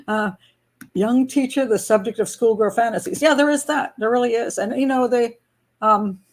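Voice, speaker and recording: A woman's voice: fairly high pitch, measured pace, long pauses. An older American woman hosting a live patron hangout, chatting casually, laughing often and rambling through restarts. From United States. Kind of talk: casual live-stream chat.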